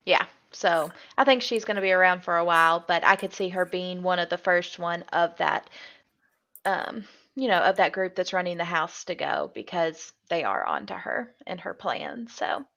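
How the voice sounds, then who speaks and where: A woman's voice: lowish voice, animated, normal speed, creaky, a bit bright. A woman co-hosting a casual live show, giving easygoing opinions. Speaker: co-host.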